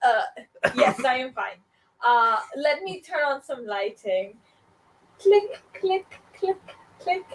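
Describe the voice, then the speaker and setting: Here is a theatrical male vampire boss, as a woman puts him on, eager and glittery. He speaks in a high voice with an unsteady put-on accent that keeps slipping, and the voice sits a little away from the mic. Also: big pitch swings, slow pace, distant mic, full character voice, rough recording. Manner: unsure wobbling accent, giggly.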